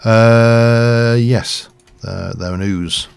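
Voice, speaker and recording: This middle-aged streamer chats in a meandering way as he plays, using fillers and chuckling. His smooth, medium-pitched voice has vocal fry and fairly even intonation, and he talks extremely slowly.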